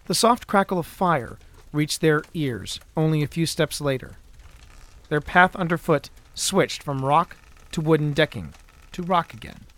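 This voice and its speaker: Man, scripted audiobook narration, fairly high voice, dry close studio sound, measured storytelling. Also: a bit bright, no echo. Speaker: author and narrator.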